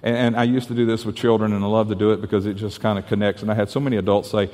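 Earnest preacher in a reverberant hall. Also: male voice, lowish voice, flat delivery, very fast. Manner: earnest, repeats and restarts, drops to soft tones for the story. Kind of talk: sermon with storytelling.

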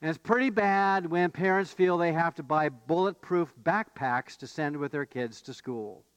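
A male pastor delivers a sermon in a conversational, unpolished way, full of small restarts and fillers. His voice sits a little high for a man and sounds dry and close, with no room echo. He grows animated when he voices the disciples. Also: normal speed, clear, resonant tone, dull audio.

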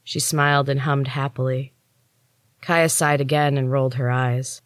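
A woman storyteller and author giving a steady, expressive first-person audiobook reading into a close mic. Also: very deep voice, a little slow, no echo. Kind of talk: scripted audiobook narration.

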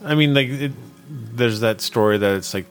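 A man's voice: mid-range voice, moderate pace, creaky, soft background music. A man co-hosting a casual podcast, thinking aloud with lots of "like" and restarts. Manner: talks it through with lots of "like" and restarts. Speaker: podcast co-host.

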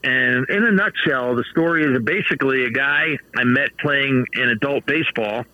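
A man in his fifties telling baseball stories as a guest in a casual interview, animated and laughing often. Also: mid-range voice, moderate pace, highs cut off. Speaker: author and baseball manager guest.

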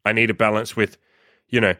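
A man's voice: on the low side, flat delivery, brisk, sharp tone, dry recording, studio quality. A young man hosting his own podcast, ranting bluntly and profanely as he scolds listeners. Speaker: podcast host and coach. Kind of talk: ranting solo podcast monologue.

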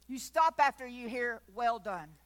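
A woman's voice: fairly high pitch, a little slow. A woman preaching a sermon, fervent, at times dropping to a near whisper.

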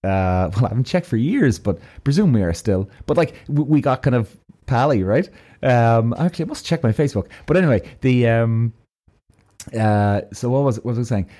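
Swearing Irish man telling a story. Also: medium pitch. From Ireland. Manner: animated, swears often, acts out both sides of conversations. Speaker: vlogger telling a personal story. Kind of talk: casual storytelling.

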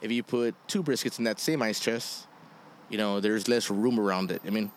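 A man's voice: fairly low pitch, normal speed, slight background noise. A man co-hosting a casual podcast, rambling with lots of fillers and laughing along easily. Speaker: podcast co-host.

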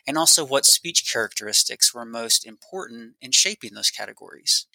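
A male researcher talks through his study in a measured, academic manner. His voice is very bright and crisp-edged. The sound is dry and close, with no room around it. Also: medium pitch, no echo, low-quality recording. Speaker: speech researcher guest. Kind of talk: explaining research in an interview.

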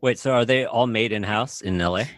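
A man's voice: lowish voice, a little fast, fairly bright tone. Laid-back joking man cohost. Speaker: podcast co-host. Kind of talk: casual chat.

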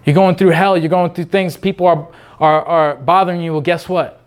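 A male preacher with a high, light voice, delivering an unscripted sermon. He talks with fervent insistence, circling back to his points again and again. Now and then he slips into short imitations of other people before returning to his own urging. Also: steady tone, moderate pace.

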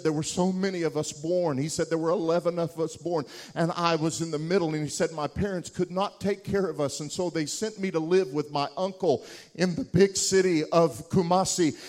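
A man preaching a sermon, telling a story and building to loud, impassioned peaks with repeated words for emphasis. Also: fairly high pitch.

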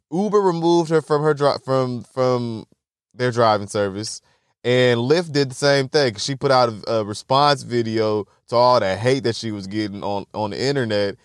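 A young podcast host talks alone at medium pitch, his tone clean, the studio sound crisp and echo-free. He rambles through his stories with plenty of swearing and frequent laughs.

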